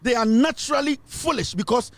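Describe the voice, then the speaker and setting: A man's voice: very high voice, animated, brisk, no echo. A man with a Ghanaian accent giving emphatic political news commentary, switching between English and Twi.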